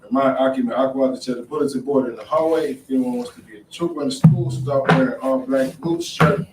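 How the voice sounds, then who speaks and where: A man's voice: mid-range voice, fairly even intonation, over music. Man reading announcements in a roomy hall. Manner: brisk, matter-of-fact reading. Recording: roomy, distant mic, faint noise.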